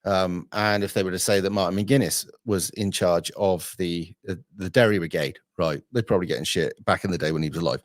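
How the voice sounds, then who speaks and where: Blunt, sweary man, lowish voice. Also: brisk, hardly any pauses, no echo, studio quality. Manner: blunt, sweary, rambling with fillers. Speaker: livestream host. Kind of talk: casual livestream chat.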